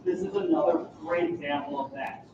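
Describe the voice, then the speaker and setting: A man's voice: a little high, a little fast. A man coaching a school choir in rehearsal, demonstrating how to shape words. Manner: animated, demonstrates words by speaking them. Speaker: choir clinician. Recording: echoey room, far from mic, dull, noisy.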